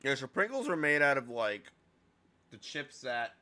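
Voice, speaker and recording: Man, casual chat, joking, rambling, bright tense tone. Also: mid-range voice, big pitch swings, normal speed. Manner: rambling, joking, swears freely. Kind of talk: casual chat while playing a visual novel.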